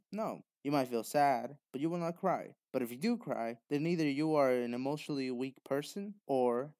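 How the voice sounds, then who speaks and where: A man's voice: medium pitch, a little mellow, no room sound, studio quality. A man delivering an opinionated commentary monologue, talking bluntly and lecturing the viewer directly. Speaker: video essayist.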